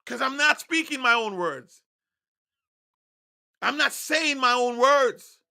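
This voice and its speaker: In a slow online sermon broadcast, a Jamaican Patois-speaking man preaches with lively intonation and a high, bright, gravelly voice. He presses his points insistently, breaking now and then into loud declarations delivered with a piercing sharpness.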